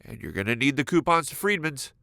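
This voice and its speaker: A man hosting a solo comedic podcast, acting out imagined conversations with exaggerated, animated delivery. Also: medium pitch, fairly quick, gravelly, no echo, studio quality. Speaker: podcast host. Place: California.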